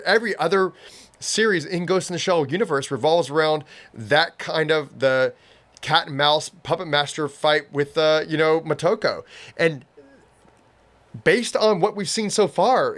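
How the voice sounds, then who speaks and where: Man, rather high voice, rambling casual co-host of an anime review chat. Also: normal speed, fairly bright tone. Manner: rambling, restarts a lot, acts out quotes. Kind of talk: casual reaction discussion.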